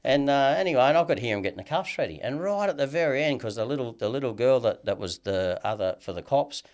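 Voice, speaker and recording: A man's voice: mid-range voice, animated, fast talker, darkish tone. Australian man, rambling, sweary storytelling. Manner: rambling, heavy swearing, frequent "you know what I mean". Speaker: podcast guest. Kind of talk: casual storytelling chat.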